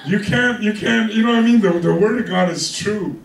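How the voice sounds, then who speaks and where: Male pastor with a high voice, casual humorous preaching, recorded far off in an echoey church with the congregation audible. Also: fairly quick, crowd noise. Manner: conversational, joking, keeps asking "you with me?". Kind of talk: sermon.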